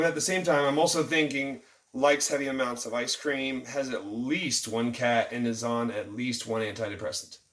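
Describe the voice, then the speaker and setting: A man's voice: medium pitch, a bit bright. Sarcastic man ranting, roomy sound. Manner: mocking, irritated, jokey asides. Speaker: vlogger. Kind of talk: sarcastic news commentary rant. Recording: roomy, distant from the mic.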